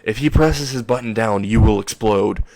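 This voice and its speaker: A man's voice: fairly low pitch, normal speed, darkish tone, no echo, natural voice. A man voicing a matter-of-fact, game-like system that announces things to the hero. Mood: warning.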